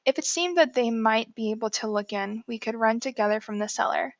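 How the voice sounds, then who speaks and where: A woman reading an audiobook, voicing a gentle young woman who speaks in a calm, reassuring way. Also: fairly high pitch, fairly quick, no echo, lo-fi sound, natural voice. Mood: soothing.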